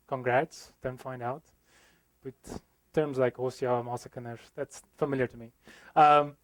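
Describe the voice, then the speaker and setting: A man's voice: mid-range voice, no echo, low-quality recording. A young South African man giving a joking, filler-heavy conference talk about his work. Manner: self-deprecating, joking, many fillers. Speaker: conference speaker.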